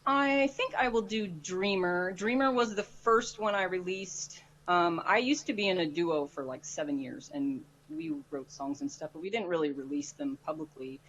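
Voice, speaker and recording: A woman's voice: on the low side, normal speed, few pauses, fairly bright tone, muffled recording, a little hiss or hum. A woman, a guest singer, chatting casually and giggling, with lots of "like" fillers. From United States. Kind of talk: casual chat on a live stream.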